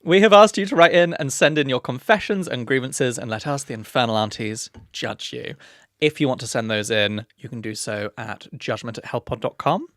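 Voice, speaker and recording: A man's voice: medium pitch, normal speed, fairly bright tone, no room sound. A man hosting a podcast in casual comedic chat, playful and mock-earnest as he runs the segments. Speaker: podcast host.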